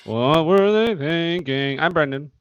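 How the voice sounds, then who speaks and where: A man's voice: a little high, measured pace, smooth, no room sound, muffled recording, soft background music. A man co-hosting a comedy podcast, speaking in an announcer style. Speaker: podcast co-host.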